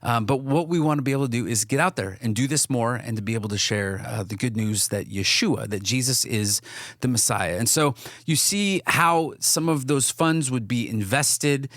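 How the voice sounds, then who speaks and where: An earnest man co-hosts a casual podcast and talks through his ideas with frequent restarts and fillers. His voice sits in a middling pitch and comes across dry and close to the mic. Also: normal speed, fairly bright tone, dry recording. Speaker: podcast co-host.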